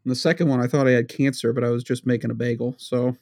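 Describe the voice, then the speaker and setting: A man's voice: mid-range voice, fairly even intonation, fast talker, darkish tone. A man in his thirties from New England, co-hosting a casual chat, rambling and giggling with stammering restarts. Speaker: podcast co-host, father.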